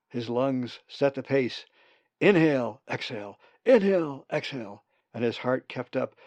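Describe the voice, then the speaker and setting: Slow gravelly male storybook narrator. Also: mid-range voice, darkish tone, no echo. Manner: slow, measured reading. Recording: dull lo-fi recording, dry.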